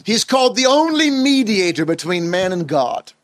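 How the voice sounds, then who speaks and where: A man's voice: high-pitched, big pitch swings, normal speed, no room sound. A man preaching a sermon in an earnest, emphatic way, asking his listeners rhetorical questions.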